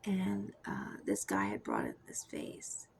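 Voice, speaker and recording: A young woman giving a soft, confessional personal testimony that often drifts into a whisper. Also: extremely low pitch, wildly swooping pitch, takes it slowly, vocal fry, low-quality recording. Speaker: Christian testimony speaker.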